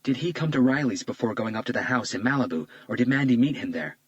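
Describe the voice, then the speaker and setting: A man's voice: mid-range voice, lively intonation, quick pace, no echo, lo-fi sound, voice pushed up, close to an everyday voice. Persistent male detective partner, direct, read by the narrator, dry booth. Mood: insistent. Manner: direct, insistent questioning.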